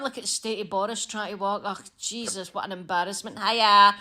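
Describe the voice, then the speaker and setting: A woman's voice: medium pitch, steady tone, brisk, hardly any pauses, pushed and bright. A woman giving sweary, sarcastic running commentary on a livestream, mimicking the people she mocks. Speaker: livestream co-host.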